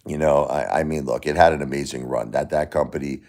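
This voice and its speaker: A man's voice: extremely low pitch, fairly quick. A man with a Brooklyn New York accent, hosting a casual livestream and chatting with viewers as he reads their comments aloud. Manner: animated, reads chat aloud, mock-Italian tough-guy phrases. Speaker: livestream host.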